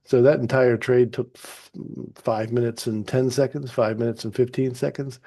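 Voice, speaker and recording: Mellow-voiced man walking through a trade. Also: mid-range voice, level tone, moderate pace. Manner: easygoing, explanatory, with fillers and restarts. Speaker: trading educator. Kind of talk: narrated chart walkthrough.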